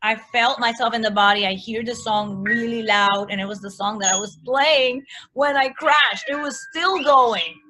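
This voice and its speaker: A woman telling a personal story as a guest in a casual chat, animated, full of likes and restarts. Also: on the high side, moderate pace, few pauses, noisy background.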